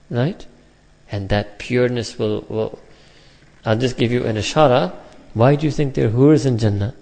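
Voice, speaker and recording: A man preaches a religious lesson in a gravelly, mid-pitched voice, checking in with his listeners through repeated "hmm?" and "right?". He drops Arabic terms and short recitations into his teaching. His voice rings out with a long hall reverb. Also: a little mellow. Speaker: Islamic teacher. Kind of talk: sermon.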